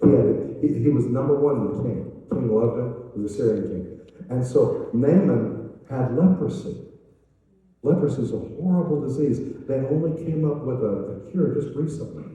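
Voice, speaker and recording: An older evangelist preaches a sermon, telling a story with animated energy and putting on its voices. His tone is very dark and mellow. He sounds far from the mic, with long reverb from a large church hall. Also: mid-range voice, moderate pace. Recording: echoey hall, voice from a distance.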